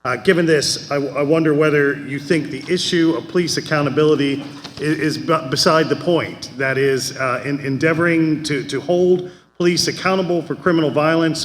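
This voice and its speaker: Measured male moderator in a hall. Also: on the high side. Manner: measured, hesitant with fillers. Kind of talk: panel moderation. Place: conference hall. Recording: hall reverb with faint noise.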